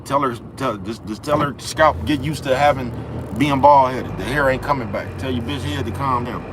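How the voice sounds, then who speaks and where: A man's voice: medium pitch, moderate pace, background noise. Profane man ranting on a livestream. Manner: profane, repetitive, keeps asking "you know what I'm talking about". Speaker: livestream host. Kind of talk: ranting live-stream monologue. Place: outdoors in the cold, near traffic.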